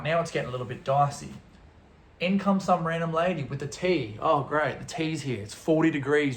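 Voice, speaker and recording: A young man, a travel vlogger, telling a story casually to camera in an animated way, throwing in sound effects. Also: a little high. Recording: roomy echo.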